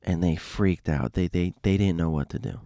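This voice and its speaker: A man telling a personal story in a rambling, animated monologue with frequent restarts. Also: deep voice, normal speed, no room sound, clean studio sound. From Miami.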